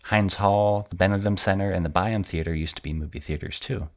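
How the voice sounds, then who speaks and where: A man's voice: sits low, fairly quick. A man co-hosting a podcast, explaining local film history in a conversational, scripted way. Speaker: podcast co-host. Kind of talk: scripted co-hosted narration.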